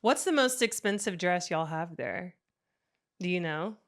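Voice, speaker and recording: A woman on a podcast reacting in casual chat, her pitch rising and falling widely. She speaks slowly and laughs easily between short replies. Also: expressive. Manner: laughing, brief backchannel reactions. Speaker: podcast co-host.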